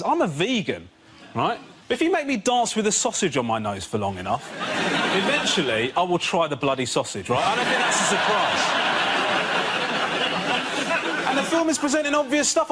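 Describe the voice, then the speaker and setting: A man on a comedy panel show, ranting in an exasperated stand-up style that rises to near shouting. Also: high voice, sing-song, normal speed, heavy background noise. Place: television studio with audience.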